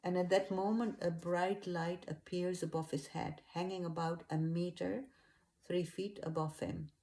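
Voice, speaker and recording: A woman retelling a religious story in an unhurried, hesitant way, with fillers and restarts. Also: lowish voice, steady tone, warm tone.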